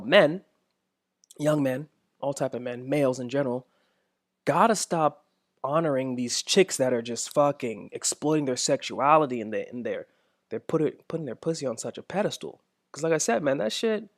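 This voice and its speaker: A man's voice: a little high, dry recording, clean studio sound. A young man hosting a podcast, ranting casually with heavy profanity, emphatic and repetitive. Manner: profane, emphatic, repeats himself. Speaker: podcast host. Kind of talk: casual monologue rant.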